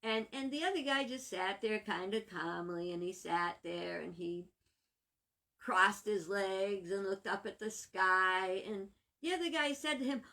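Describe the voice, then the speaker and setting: Bright, slow-talking woman minister. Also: medium pitch. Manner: chatty, laughs often. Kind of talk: casual storytelling vlog.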